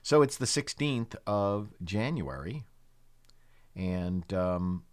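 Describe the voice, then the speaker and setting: Deep-voiced man giving a slow sermon. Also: lively intonation. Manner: slow, reflective, with gentle pauses. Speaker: minister. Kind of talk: spiritual talk leading prayer. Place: in the United States.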